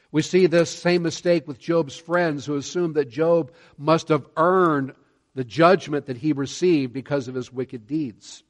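A man preaching a sermon, earnest and measured, slowing down to stress key words. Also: fairly high pitch. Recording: long hall reverb.

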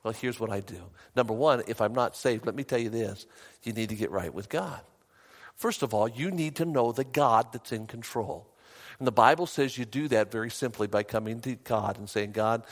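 A middle-aged man preaching a sermon as a pastor, emphatic, his voice rising high in bursts. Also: moderate pace, big-room sound.

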